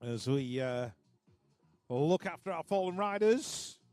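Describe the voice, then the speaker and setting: A man's voice: on the high side, expressive, takes it slowly, a little mellow, clean tone, faint music behind. A man giving live race commentary, chatty and joking between calls.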